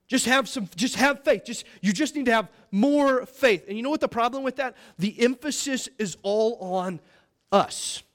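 Delivering his sermon with earnest emphasis, this young pastor keeps asking his congregation "okay?" and "all right?" When imitating other people he pitches his voice up, and for prayers he brings it down low.

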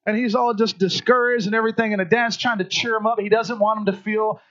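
A high-voiced man preaching in an animated, storytelling way. The recording sounds dull and lo-fi. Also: fast talker. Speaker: pastor. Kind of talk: sermon.

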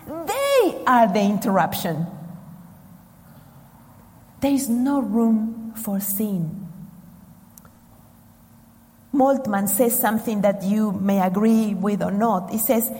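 A woman from Argentina delivers a sermon slowly, leaning on each phrase with dramatic pauses. Her voice sits a little high and sounds mellow. The long reverb of a large hall hangs behind her words. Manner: slow, emphatic preaching with dramatic pauses. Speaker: preacher.

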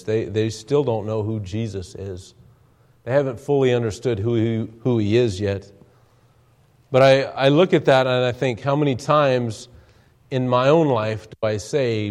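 A man preaches an evening sermon in a church, his voice mid-range, darkish and a little slow. He earnestly reads passages from the King James Bible, then explains them.

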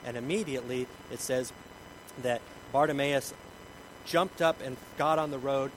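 Dramatic preacher, noisy rumble. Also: male voice, normal speed. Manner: dramatic, swings from shouting to hushed tones. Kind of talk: sermon.

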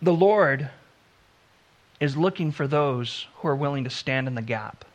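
A man preaching a sermon in an earnest style, slowing down to stress key words. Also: mid-range voice, lively intonation. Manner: earnest preaching, slows for emphasis, acts out biblical dialogue. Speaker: pastor.

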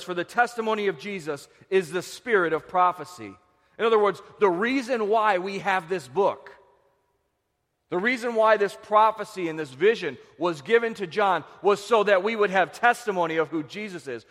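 A male pastor preaching a sermon, swinging from loud shouts to hushed low phrases. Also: in a large hall.

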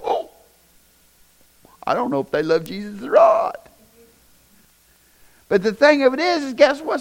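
A middle-aged man preaching a sermon in a church, folksy and joking, speaking straight to his congregation. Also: sits high. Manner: animated, folksy and joking, addresses congregation directly. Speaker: pastor.

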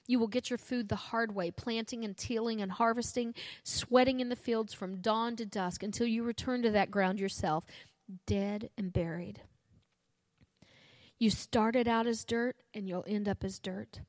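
A woman voicing God, loud and stern. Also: fairly high pitch, steady tone, a little slow, no echo, close to an everyday voice. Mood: sorrowful. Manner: loud commanding declarations. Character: stern grieving male God.

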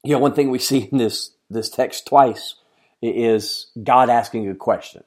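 A man preaching a sermon as a pastor, earnest, often asking the listeners questions and moving from emphatic lines to hushed ones. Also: medium pitch. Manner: addresses listeners directly with questions.

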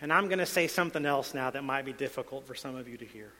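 Male pastor, bright, ringing voice, sermon delivery with dramatic soft-loud swings, church hall reverb. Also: mid-range voice, fast. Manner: dramatic shifts between soft asides and loud emphasis.

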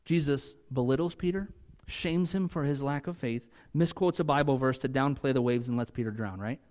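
A man preaching a sermon in a conversational way, moving from loud, emphatic peaks to quiet asides. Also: medium pitch, moderate pace. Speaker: pastor.

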